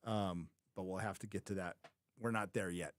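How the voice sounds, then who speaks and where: A man's voice: low voice, fairly even intonation, moderate pace. A man hosting a live review show, talking casually and opinionatedly, rambling and correcting himself and repeating lines for emphasis. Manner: opinionated, repeats his own phrases for emphasis; rambling, thinks aloud, frequent self-corrections. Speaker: show host reviewing a TV series. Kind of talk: casual livestream commentary.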